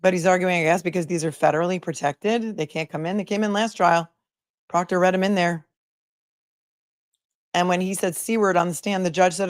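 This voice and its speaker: Woman, attorney livestream host, casual commentary, sarcastic, lowish voice, dry close mic. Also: fairly even intonation, brisk, no room sound. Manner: chatty, sarcastic, reads viewer comments aloud.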